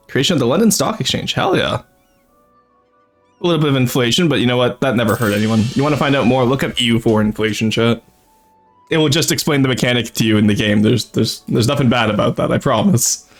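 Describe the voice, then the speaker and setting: Chatty young man with lively pitch. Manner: chatty, rambling, laughs often, talks to chat. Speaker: streamer. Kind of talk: casual gameplay commentary.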